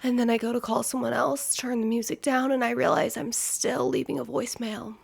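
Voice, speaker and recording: This podcast host is a Nebraska woman with a Midwestern American accent whose stories ramble candidly through casual conversation, peppered with "like." She speaks a little fast, with vocal fry, little pitch movement, and a voice on the high side.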